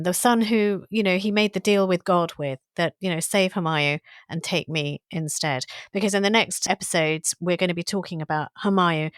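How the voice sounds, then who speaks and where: Female podcast co-host, lively and chatty, mid pitch, dry studio sound. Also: dry recording. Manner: lively, chatty, with many "you know" asides. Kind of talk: casual podcast chat.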